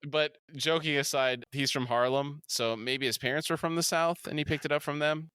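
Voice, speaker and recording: Male podcast co-host with a bright, crisp voice, recapping scenes on a dry close mic. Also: fairly high pitch, steady tone, normal speed, no room sound. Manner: narrates scenes, laughs easily. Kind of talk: casual recap of a TV episode.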